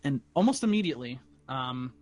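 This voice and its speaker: A man's voice: medium pitch, lively intonation, a little fast, a little mellow. A man narrating as game master, playful, laughing and full of fillers.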